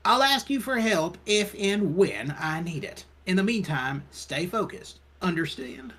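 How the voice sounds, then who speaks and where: A man voicing a gruff, cigar-chewing male police chief in a put-on British accent, clipped and commanding. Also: high voice, lively intonation, unhurried, a bit bright, pitched above the performer's own voice, exaggerated voice. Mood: stern.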